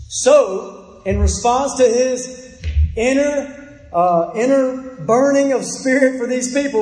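A man's voice: very high voice, darkish tone. A man preaching a sermon in earnest, repeating his key phrases for emphasis. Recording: echoey hall with long reverb.

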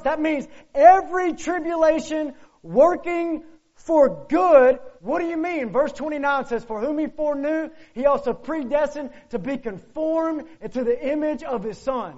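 A pastor preaching a sermon, firing off rhetorical questions and swinging between loud, urgent lines and hushed ones. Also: male voice, very high voice, measured pace. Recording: muffled lo-fi sermon recording.

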